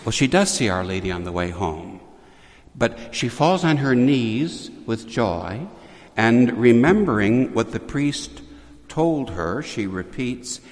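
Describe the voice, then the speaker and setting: A male preacher telling a devotional story in a sermon, measured, with wry asides to the congregation. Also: medium pitch, lively intonation, big-room sound.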